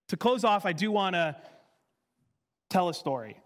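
A man's voice: sits high, animated, moderate pace, pauses often, fairly bright tone. A man preaching a sermon in a church in a casual, conversational way, repeating himself for emphasis. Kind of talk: sermon with storytelling. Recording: reverberant hall with faint music.

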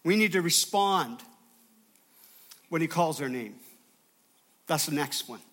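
Preaching slowly in a high, bright voice, a male pastor delivers an emphatic, expressive sermon, continually prompting his congregation to respond.

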